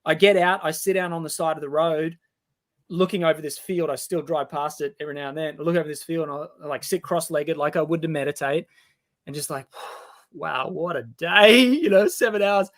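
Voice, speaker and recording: A man's voice: on the high side, a little fast. An Australian man in his forties, a guest telling personal stories in a casual interview, acting out the voices of people he quotes. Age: 40s. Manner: animated storyteller who acts out quoted voices.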